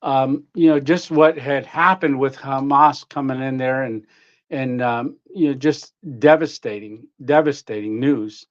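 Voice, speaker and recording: A man's voice: mid-range voice, a little slow, lo-fi sound. A man hosting a casual home livestream, greeting viewers by name with lots of fillers and little laughs. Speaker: livestream host. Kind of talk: casual live-stream chat. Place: home room.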